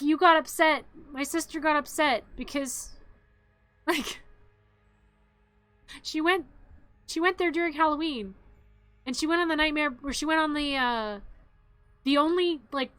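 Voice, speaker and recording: A woman streamer in a casual, animated rant, exasperated and laughing between complaints. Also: sits high, no echo.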